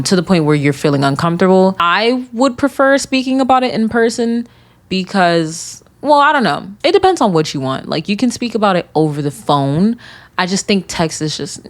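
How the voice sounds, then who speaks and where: A young woman hosting a podcast, talking candidly late at night, swearing and rambling with restarts, emotional and holding back tears. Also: deep voice. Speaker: podcast host. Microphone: recording herself on camera.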